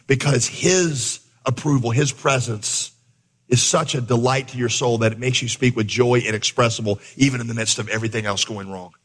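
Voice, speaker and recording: A man preaching a sermon, telling a funny story and acting out his own shouts as a coach. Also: medium pitch, husky, in a large hall. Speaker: pastor.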